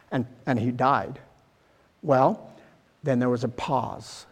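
A man's voice: mid-range voice, long reverb tail. A man giving a Bible teaching sermon in a conversational way, often checking in with his listeners. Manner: conversational, asks the listeners questions. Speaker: preacher.

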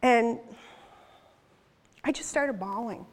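A woman in her fifties preaching a sermon in a chatty, animated way, full of quick asides to the congregation. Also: fairly high pitch. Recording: long hall reverb.

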